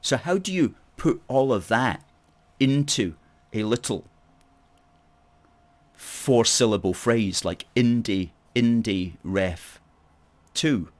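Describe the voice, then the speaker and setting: A man's voice: medium pitch, expressive, slow. A middle-aged man hosting a campaign talk show, making his political case emphatically, repeating key phrases and checking in with "okay?". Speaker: campaign group host. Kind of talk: political monologue to camera.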